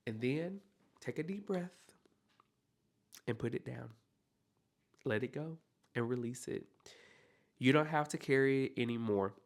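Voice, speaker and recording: A man's voice: medium pitch, animated, unhurried, pauses often. A man hosting a solo self-help podcast, talking in an encouraging, heartfelt way and often checking in with "okay?". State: near tears at times. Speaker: podcast host.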